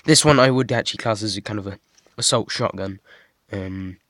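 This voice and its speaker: A man with a low, husky voice, congested and sniffly from a cold. He talks in a loose, rambling way, full of ums and wry little asides. The sound is dry and close. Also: brisk, a bit bright, no echo. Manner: rambling, many ums, self-deprecating asides. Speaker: hobby builder showing his model. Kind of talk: casual show-and-tell.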